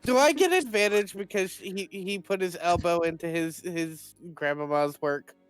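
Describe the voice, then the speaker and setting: A tabletop player talking through dice rolls casually, trailing off and hedging. The voice is smooth and resonant at a middle pitch. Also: moderate pace, soft background music. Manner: hesitant, mumbling about dice rolls. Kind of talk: casual tabletop game chat.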